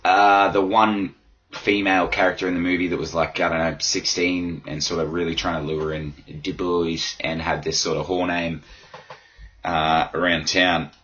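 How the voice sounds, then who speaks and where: Hoarse man rambling on a podcast. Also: low-pitched, level tone, moderate pace, fairly bright tone, muffled recording. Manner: rambling, crude, self-mocking with frequent laughs. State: hoarse from yelling. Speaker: podcast host. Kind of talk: casual solo podcast monologue.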